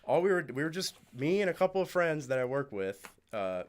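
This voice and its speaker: A man's voice: on the high side, brisk. A young man, a podcast regular who races cars, telling casual stories with lots of laughter. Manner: animated, laughs through his stories. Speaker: podcast guest, race car driver. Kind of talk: casual storytelling.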